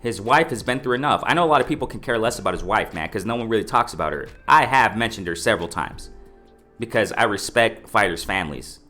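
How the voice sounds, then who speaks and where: A man with a fairly low but very lively voice delivers casual, opinionated boxing commentary. He talks with bright force, repeats his points, and keeps addressing his viewers directly. Faint music plays under him. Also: fast. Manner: emphatic, repetitive, addresses viewers as ladies and gentlemen; lively pitch swings, mimics others in raised voice.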